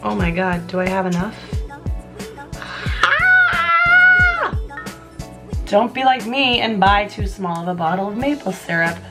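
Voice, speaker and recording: A woman's voice: mid-range voice, a little fast, hardly any pauses, over loud music. Chatty woman hosting a cooking vlog. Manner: chatty, joking asides to viewers. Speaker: cooking channel host. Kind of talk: casual recipe vlog. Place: home kitchen.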